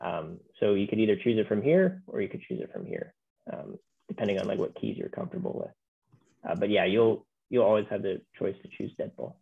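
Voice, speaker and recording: A man explains software steps in a laid-back way, pausing on fillers as he goes. His voice sits a little low. It comes through a thin, phone-like line. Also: gravelly, husky. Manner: relaxed, many fillers. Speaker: software trainer. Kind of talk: webinar walkthrough.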